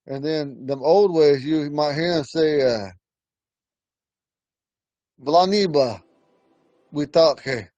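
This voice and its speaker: A middle-aged man with a slightly high voice leads a casual language class. He talks in loose, rambling stories and breaks into chuckles as he goes. The sound is dry and close. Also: a little mellow, no room sound, rough recording. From Ponca community, Nebraska. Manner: rambling storytelling, chuckles often. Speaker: language teacher. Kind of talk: informal language lesson.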